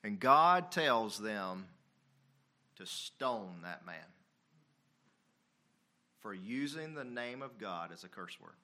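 A man preaching a sermon, swinging between loud emphatic passages and quiet, confessional ones, reading scripture aloud. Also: fairly low pitch, very animated, slow, long pauses. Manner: reads King James scripture aloud.

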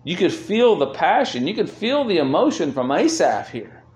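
A man's voice: sits high, big pitch swings, moderate pace, hardly any pauses, darkish tone. A man preaching a sermon as pastor, speaking earnestly and swelling with feeling when he reads scripture aloud. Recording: roomy echo.

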